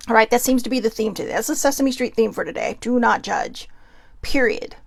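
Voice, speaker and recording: Chatty Californian woman with a gravelly voice. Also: on the high side, expressive, no room sound. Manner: fast, chatty, self-interrupting, admits nerves. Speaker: host. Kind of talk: casual musing while reading oracle cards.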